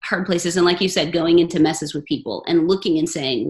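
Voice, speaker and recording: A woman's voice: lowish voice, a little fast, hardly any pauses, darkish tone. Earnest woman telling a story. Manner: earnest, storytelling, laughs often. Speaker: podcast guest. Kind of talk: casual interview chat.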